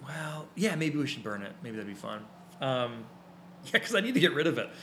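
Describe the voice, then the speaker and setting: A man's voice: medium pitch, sing-song, moderate pace, bright, forceful tone, slight background noise. A man co-hosting a photography podcast in casual, rambling chat, full of fillers and restarts, recorded in his small studio. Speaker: podcast co-host and photography teacher.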